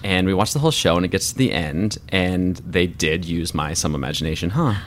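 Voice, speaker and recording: A man's voice: deep voice, a little fast, slight background noise. A man in his thirties, a voice actor guest in an interview, telling personal stories in an earnest, reflective and openly emotional way.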